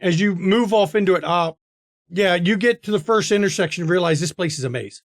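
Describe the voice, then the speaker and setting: High-voiced man running a tabletop game. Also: a little fast, no room sound, studio quality. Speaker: game master.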